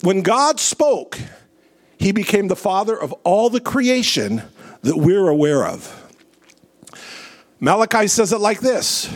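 A man delivers a sermon at a slow, deliberate pace. His voice sits high for a man and rises and falls dramatically from phrase to phrase. He stretches out his words as he reads scripture. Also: very animated. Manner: preaching with slow drawn-out phrasing and big swings in pitch. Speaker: preacher.

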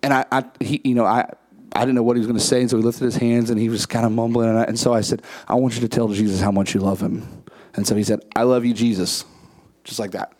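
Preacher man telling a story. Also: quick pace. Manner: animated, rises to high emphatic peaks; acts out quoted dialogue in a lower, quieter voice. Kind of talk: sermon storytelling.

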